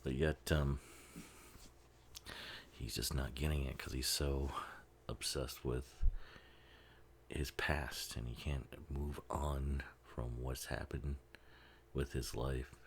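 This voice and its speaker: A man's voice: rumbling low, steady tone, slow, long pauses, a little hiss or hum. A man giving a casual, rambling commentary over a film, laughing often and swearing freely. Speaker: movie commentary host.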